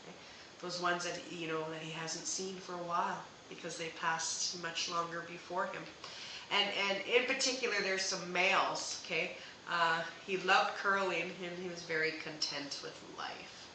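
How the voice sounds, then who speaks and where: A woman's voice: fairly low pitch, steady tone, normal speed, bright, forceful tone, heavy reverb, slight background noise, low-quality recording. A woman hosting a live psychic reading, talking hesitantly with many fillers and restarts. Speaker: psychic medium host.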